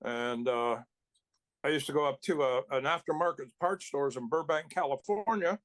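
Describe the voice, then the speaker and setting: Man, actor guest, rambling anecdotes, high-pitched, dry recording. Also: moderate pace, no room sound. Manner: rambling anecdotes with restarts and chuckles. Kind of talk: casual storytelling chat.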